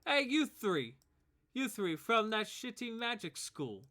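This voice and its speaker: A man voicing a rowdy teenage boy bully from a rival magic school, loud and taunting. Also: mid-range voice, normal speed, natural voice.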